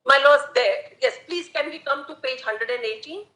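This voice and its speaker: Before the bench, a woman advocate makes a formal argument in a high, bright, clear voice, using set courtroom phrases at a moderate pace. Her words ring through a large, roomy courtroom.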